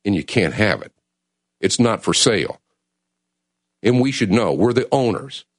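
A man hosting a call-in talk radio show, speaking with urgent, emotional passion that swings between loud and hushed. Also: fairly low pitch, sing-song, a little slow, no echo, studio quality. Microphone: studio mic.

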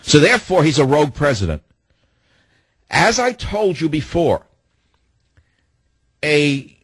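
A combative male radio host with a husky, slightly rough voice, firing off indignant rhetorical questions. The sound is dry and close, with no room around it. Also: medium pitch, dry recording, rough recording. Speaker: radio talk show host. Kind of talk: political talk radio monologue.

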